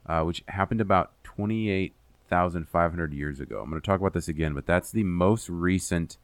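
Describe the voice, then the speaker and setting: A man's voice: low-pitched, brisk, no room sound. A man hosting a casual podcast, explaining a science topic in a rambling, self-deprecating way with lots of fillers and swearing. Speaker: podcast host presenting the topic.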